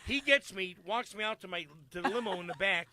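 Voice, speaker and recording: An older man, a comedian guest telling a profane, animated story in casual chat. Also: high-pitched, quick pace.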